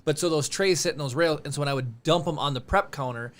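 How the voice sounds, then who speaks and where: A man hosting a podcast who tells rambling stories in casual chat. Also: a little high. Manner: rapid, rambling storytelling. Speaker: podcast host.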